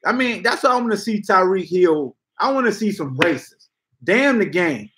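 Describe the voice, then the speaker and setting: A man with a fairly high voice hosts a sports talk show. He rants bluntly and loosely in casual slang. His delivery is animated. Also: normal speed, noisy background. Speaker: podcast host.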